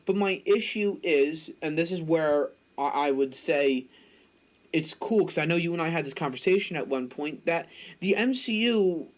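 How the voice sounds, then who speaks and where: Talkative young man, rather high voice. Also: poor audio. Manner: talkative, opinionated, hedges with "like" and "I mean". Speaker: podcast co-host. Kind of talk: casual chat.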